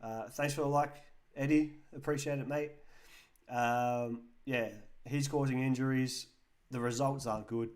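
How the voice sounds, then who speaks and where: English male stream host, relaxed and chatty, reads out and answers chat comments. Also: medium pitch, a little slow. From England. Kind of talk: casual live-stream chat reading comments.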